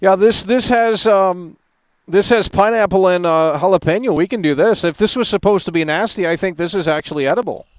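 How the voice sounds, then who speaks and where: A man's voice: high-pitched, a little fast, no room sound, studio quality. A man hosting a live stream, ranting bluntly at his chat and swearing freely. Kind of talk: casual live-stream rant.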